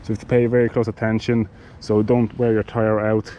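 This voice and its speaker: A man giving a casual product demonstration of cycling gear, talking in a halting way with many fillers and restarts. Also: on the low side, little pitch movement, warm tone, a little hiss or hum, rough recording.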